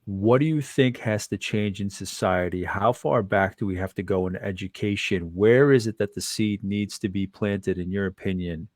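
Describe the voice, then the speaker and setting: Low-voiced man host, halting questions. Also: a little mellow, no echo, studio quality. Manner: halting, restarts often with fillers. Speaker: podcast host. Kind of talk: interview questions.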